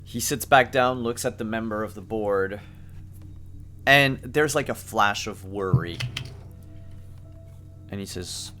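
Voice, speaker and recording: Deep-voiced, slow game master. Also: male voice, pushed and bright, soft background music. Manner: casual, frequent fillers. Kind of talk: narrating a tabletop game.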